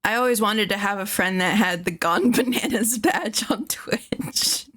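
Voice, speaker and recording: A woman's voice: mid-range voice, a bit bright. A young adult woman streamer chatting casually with her live chat, rambling and sarcastic, swearing a lot.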